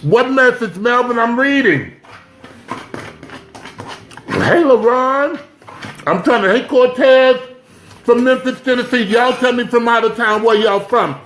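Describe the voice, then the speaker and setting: A man's voice: extremely high pitch, animated, unhurried, long pauses, slight background noise. A man hosting a casual home livestream, chatting with viewers, greeting them by name and urging them to share. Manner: chatty, shouts out viewers, urges sharing. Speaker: livestream host. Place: home, indoors.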